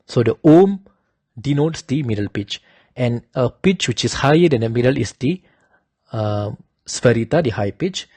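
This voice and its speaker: A man teaching the pitch accents of a devotional chant, explaining slowly and patiently and chanting drawn-out higher examples. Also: animated, darkish tone, husky, no room sound.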